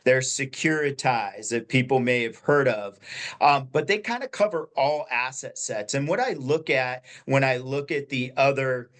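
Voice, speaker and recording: A man's voice: medium pitch, a little slow, a bit bright. A man in his forties, a company founder, explaining earnestly in a podcast interview with frequent fillers and restarts. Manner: earnest, many fillers and repeated words. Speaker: guest, real estate company founder.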